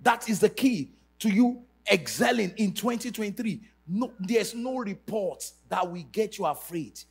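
A man's voice: sits high, animated, measured pace, vocal fry, slightly rough, soft background music. A man preaching a sermon to a church congregation, emphatic and sing-song, leading call-and-response. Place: church service.

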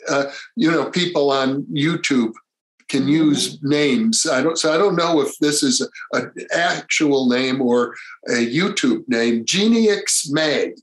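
A man hosting an interview, gentle and measured, reading out viewer questions. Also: fairly high pitch, rough recording. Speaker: host.

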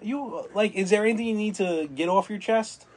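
A man co-hosting a podcast, chiming in with quick jokes and short replies. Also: sits high, darkish tone. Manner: jokey, quick interjections. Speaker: podcast co-host. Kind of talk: casual chat.

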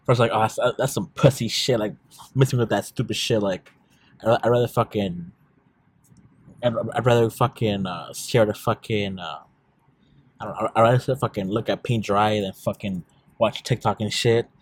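A man's voice: lowish voice, fairly even intonation, moderate pace, slightly rough, no room sound. A young man co-hosting a casual podcast, rambling in slang with lots of fillers and swearing. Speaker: podcast co-host.

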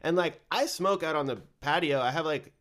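A man's voice: a little high, brisk, fairly bright tone. Swearing, rambling man with a raised voice. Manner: loose, rambling, heavy swearing. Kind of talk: casual chat.

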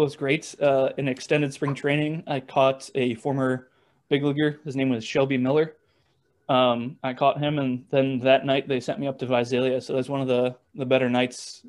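A young man, a former baseball catcher, telling stories in a relaxed, rambling way with lots of fillers and restarts. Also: mid-range voice. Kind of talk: casual storytelling interview.

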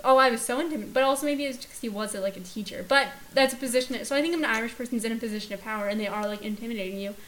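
A woman's voice: fairly high pitch, racing, few pauses, a bit bright, slight background noise, poor audio. A young woman co-hosting a podcast, talking in an emphatic, rambling way and swearing casually. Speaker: podcast co-host. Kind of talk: casual chat.

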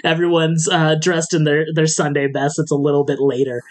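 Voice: medium pitch, flat delivery, fairly quick. A game master narrating a tabletop game in a loose, profane way, often laughing.

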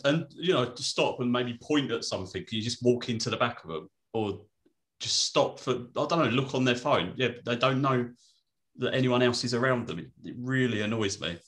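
A man co-hosting a casual podcast chat, easygoing and quick to laugh. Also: mid-range voice, a bit bright. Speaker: podcast co-host.

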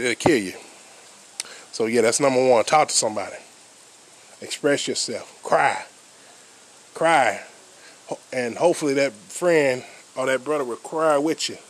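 A man's voice: medium pitch, breathy edge. A man hosting an advice podcast, talking earnestly and repeating himself with many fillers and restarts, recorded outdoors in the rain. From United States. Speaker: podcast host. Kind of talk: casual spoken advice podcast.

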